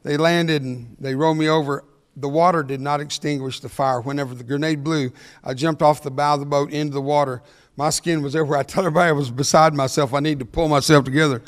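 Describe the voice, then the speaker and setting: Older man with a lively, joking delivery. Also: on the high side. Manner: animated, jokey, laughs at his own punchlines; talks fast. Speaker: motivational speaker. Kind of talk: humorous storytelling talk.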